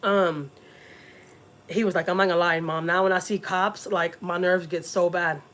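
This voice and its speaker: A woman's voice: fairly low pitch, steady tone, normal speed, fairly bright tone. A middle-aged woman from Texas, telling a story in a casual, emotional way to her vlog viewers and repeating words as she goes. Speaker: family vlogger.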